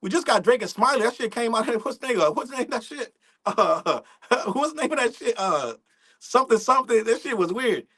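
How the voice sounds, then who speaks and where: Young male streamer, high-pitched, loose slangy rambling commentary with chat shout-outs. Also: fairly quick, slightly rough. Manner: loose slangy rambling, laughs often, animated swings in pitch. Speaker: livestream host. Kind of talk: casual livestream talk reading chat.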